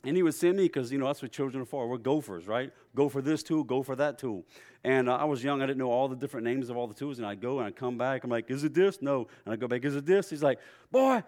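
A middle-aged man preaching a sermon in a conversational storytelling way, with lively swings in his voice. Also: medium pitch, quick pace. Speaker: pastor.

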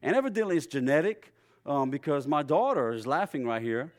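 A middle-aged man preaching a sermon in a conversational storytelling way, with lively swings in his voice. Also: fairly high pitch, brisk. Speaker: pastor.

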